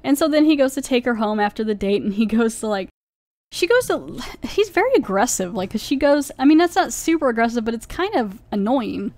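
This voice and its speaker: A woman's voice: fairly high pitch, sing-song, brisk, darkish tone, no room sound. A woman hosting a podcast, casually reviewing an episode and retelling its plot in a rambling way, full of "like" fillers. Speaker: podcast host.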